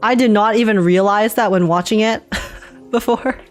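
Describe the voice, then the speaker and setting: A woman talks casually to her live-stream audience, quick to laugh and prone to starting phrases over. Her voice sits at an ordinary middle pitch for a woman. A little music plays quietly behind her. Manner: chatty, laughs often, restarts phrases.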